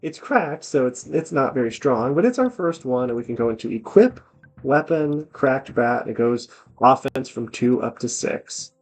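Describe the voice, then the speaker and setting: A man's voice: medium pitch, lively intonation, moderate pace, soft background music. A man hosting a let's play, chatting casually over the game and reading its on-screen text aloud. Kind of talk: casual gameplay commentary.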